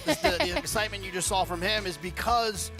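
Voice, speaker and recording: A man commenting on a horse race on air, reflective and halting with repeated words. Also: sits high, lively intonation, music in the background. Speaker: racing analyst. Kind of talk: racing commentary.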